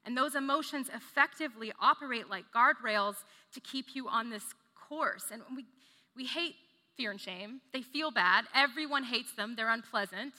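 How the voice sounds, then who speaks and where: Bright-voiced woman preaching in a hall. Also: a little high, normal speed. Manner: earnest, with repeated phrases and questions to the audience. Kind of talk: sermon. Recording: long reverb of a large hall.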